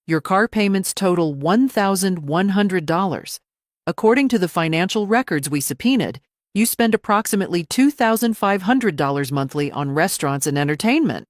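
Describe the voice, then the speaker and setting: A woman voicing a female attorney cross-examining a witness, calm, precise and relentless. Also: on the low side, moderate pace, no room sound, clean studio sound, pitched above the performer's own voice, close to an everyday voice. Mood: cold.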